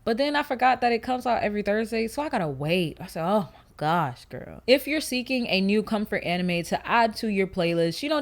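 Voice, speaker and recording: A young woman in her early twenties talks casually to camera for her channel. She is chatty and full of slang, often drifting into asides before finding her way back. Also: lowish voice. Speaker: YouTuber.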